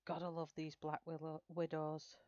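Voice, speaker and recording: A woman's voice: low-pitched, monotone, moderate pace, darkish tone, dry recording, dull audio. A woman hosting a live colouring stream, chatting and giggling as she greets viewers by name. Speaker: livestream host colouring live. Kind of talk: casual chat while colouring.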